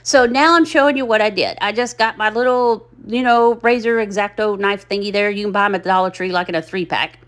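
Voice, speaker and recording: A woman's voice: mid-range voice, a little fast, hardly any pauses, a bit bright. A middle-aged woman, chatting in a rambling, folksy, self-deprecating way as she narrates her craft project. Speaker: craft channel host. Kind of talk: chatty DIY voice-over.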